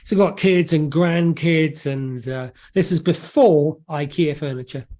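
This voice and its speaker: A man, an author explaining his ideas in an animated, joking way with frequent restarts and asides. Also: fairly high pitch, a little slow. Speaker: author and guest. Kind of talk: casual interview explanation.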